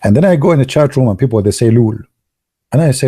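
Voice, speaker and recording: A man whose first language is Arabic, telling stories casually in broken English, excitable and laughing at his own jokes. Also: mid-range voice, quick pace, husky. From Arab world. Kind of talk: casual storytelling monologue.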